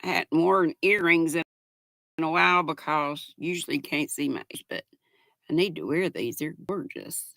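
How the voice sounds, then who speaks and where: Her voice is low and creaky yet fairly bright, moving at normal speed with no echo in a dry, close recording. The speaker, an older woman, hosts a casual livestream at home, reading the chat and giggling folksily as she chats with "y'all".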